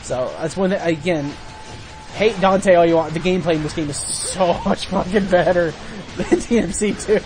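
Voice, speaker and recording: A man's voice: high-pitched, moderate pace, crowd noise. A man hosting a let's play, chatting casually, laughing often and explaining game mechanics. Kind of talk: casual gameplay commentary.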